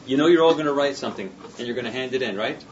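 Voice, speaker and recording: A man's voice: medium pitch, rapid-fire, reverberant, a little hiss or hum. A man lecturing a class in a conversational way, often asking rhetorical questions. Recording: dull distant classroom recording.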